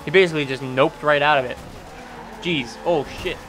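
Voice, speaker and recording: A young man from Canada giving rambling, excitable let's-play commentary over a racing game, often jumping into high yelps. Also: normal speed, faint music behind. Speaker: gaming channel host.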